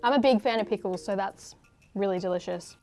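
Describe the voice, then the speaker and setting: A woman's voice: medium pitch, fairly quick, darkish tone, faint music behind. A woman, a chef talking through a recipe and giving direct tasting critiques in an upbeat way. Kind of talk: casual cooking demo.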